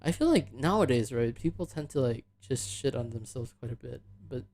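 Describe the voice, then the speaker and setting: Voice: medium pitch, expressive, normal speed, darkish tone. A podcast host in casual chat, reflective, thinking aloud with many fillers.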